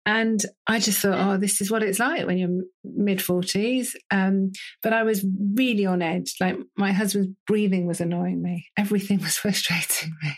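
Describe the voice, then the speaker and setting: A British woman in her forties, a doctor giving an interview, telling her story in a lively way and often laughing. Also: mid-range voice, normal speed, hardly any pauses. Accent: British English. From United Kingdom. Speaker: interview guest, GP and menopause specialist. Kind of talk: casual interview conversation.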